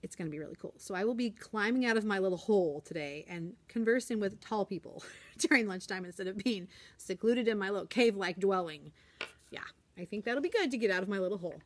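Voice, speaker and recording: A woman's voice: lively intonation, fast talker. A woman in her forties, a teacher, chatting upbeat and casual in her classroom while she shows things to a handheld camera. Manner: chatty and upbeat, acts out kids in a high voice. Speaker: elementary school teacher. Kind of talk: casual classroom vlog chat. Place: classroom, indoors.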